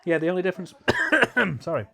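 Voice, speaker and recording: A man's voice: high voice, very animated, brisk, vocal fry, bright, forceful tone. A young man hosting a casual film commentary, joking and giggling with his guest. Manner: jokey, giggly banter.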